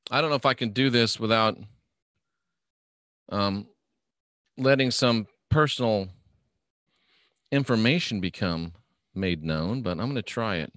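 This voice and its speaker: A middle-aged man hosts a casual live stream, reading viewer questions aloud and rambling in an offhand, joking manner. His voice is fairly low and fairly bright, a little slow with long pauses, recorded dry at studio quality.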